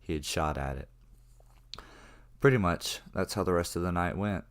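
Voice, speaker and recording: A man's voice: low voice, normal speed. A man narrating a horror story in a casual, profane first-person manner. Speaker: creepypasta narrator.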